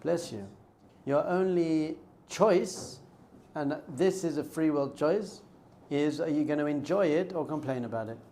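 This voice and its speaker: A man's voice: a little high, a little slow, warm tone, a little hiss or hum. A man, a rabbi, giving an informal class, telling stories and acting out bits of dialogue. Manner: conversational, storytelling with acted-out dialogue.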